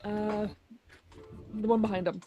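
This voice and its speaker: A woman's voice: mid-range voice, level tone, measured pace, muffled recording, a crowd in the background. Hesitant woman playing a tabletop game. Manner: hesitant, many ums while searching for words. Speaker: player. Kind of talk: casual play at the table.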